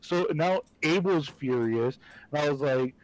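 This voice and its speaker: A man's voice: a little high, expressive, measured pace, darkish tone, low-quality recording. A man casually telling a funny prank story, swearing often and laughing along. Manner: laid-back, swears often, laughs at his own story.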